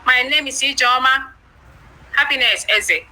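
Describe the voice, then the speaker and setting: A woman's voice: sits high, unhurried, bright, forceful tone. A woman formally greeting a meeting and introducing herself as a representative. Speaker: continental representative.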